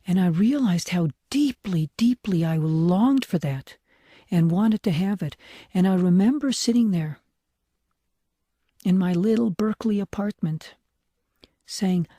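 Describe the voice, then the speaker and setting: An older man, a rabbi, telling a personal spiritual story in a soft, reflective way, often dropping to a hushed whisper. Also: sits high, expressive, unhurried, pauses often, no echo, clean studio sound. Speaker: rabbi teaching.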